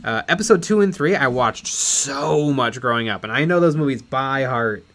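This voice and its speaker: A man's voice: mid-range voice, animated, normal speed, fairly bright tone. A man co-hosting a late-night painting stream, chatting casually and telling rambling stories. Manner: rambling storyteller, acts out voices. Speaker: stream co-host. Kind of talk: casual chat while painting miniatures.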